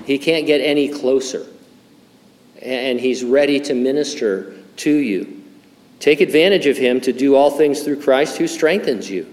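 A man's voice: medium pitch, normal speed, darkish tone, long reverb tail. An older male pastor preaching a conversational sermon, full of fillers, restarts and wry humor. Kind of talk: sermon with Bible teaching.

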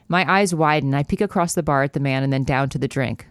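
A woman's voice: fast talker, few pauses, dry recording, studio quality. A woman co-hosting a podcast, reading a romance novel aloud in a mock-dramatic voice between giggles and chat. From United States. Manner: giggly, reads in a low mock-dramatic voice and attempts a bad British accent.

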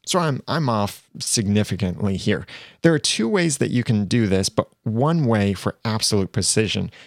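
Man, lowish voice, dry close lapel sound, step-by-step software tutorial. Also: no room sound. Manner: plain, step-by-step explaining. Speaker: video editing tutor. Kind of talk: screen-recorded software tutorial. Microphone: lavalier mic.

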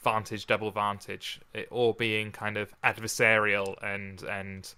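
Bright-voiced man hosting a chat podcast. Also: on the low side, flat delivery, unhurried, smooth. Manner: chatty, jokey, musing aloud with fillers. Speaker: podcast co-host. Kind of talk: casual literary chat.

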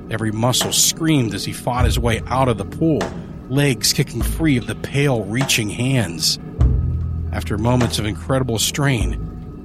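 A man giving a measured, dramatic scripted narration of a horror story. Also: mid-range voice.

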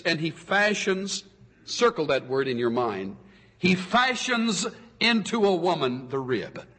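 A man preaching a sermon as a pastor, with expressive delivery that swings from soaring exclamations to hushed, intimate asides. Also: sits high, in a large hall.

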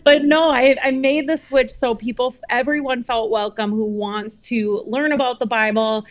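A woman's voice: on the high side, steady tone, moderate pace. A woman in her thirties with a Minnesotan accent, chatting as a podcast guest and Bible teacher, bubbly and self-deprecating. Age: 30s. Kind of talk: casual chat.

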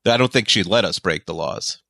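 A man co-hosting a podcast in casual chat, eager and quick, trailing off into asides. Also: low-pitched, expressive, vocal fry, sharp tone, dry recording, studio quality. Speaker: podcast co-host.

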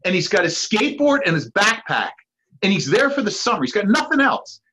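A man in his fifties, a guest on a podcast, telling lively anecdotes and acting out the people in them. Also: sits high, fairly quick, rough recording. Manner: lively anecdotes with acted-out quotes and laughs. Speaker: guest, park founder's son. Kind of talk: animated storytelling.

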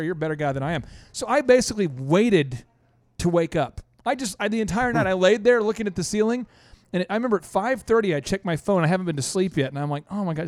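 Male show host, high and bright-sounding, energetic, animated storyteller, dry close recording. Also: no room sound. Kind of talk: upbeat radio-style show hosting.

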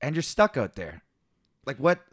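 A man's voice: medium pitch, normal speed, no echo, studio quality. A young man in casual chat, telling stories with lots of swearing and laughter, co-hosting a conversation. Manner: swearing, animated storytelling with laughs. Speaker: co-host.

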